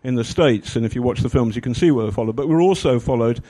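A man's voice: mid-range voice, quick pace, warm tone. A man giving a humorous talk to an audience, rambling with fillers and mocking himself. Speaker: speaker.

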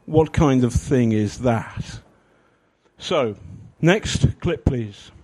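A man's voice: mid-range voice, animated, drawn-out words, mellow, a little hiss or hum. A man giving a humorous talk to an audience, rambling with fillers and mocking himself. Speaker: speaker.

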